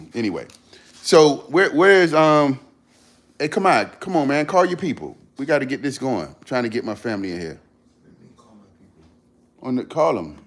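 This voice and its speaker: A man's voice: medium pitch, very animated, moderate pace, long pauses. A man hosting a livestream, giving an earnest motivational talk to his viewers, repeating his points for emphasis in casual slang. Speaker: livestream host.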